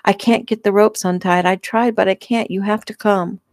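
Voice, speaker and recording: A woman's voice: on the low side, fairly even intonation, normal speed, gravelly, a little mellow, no room sound, studio quality. A woman reading as a frightened young rescuer. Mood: anxious.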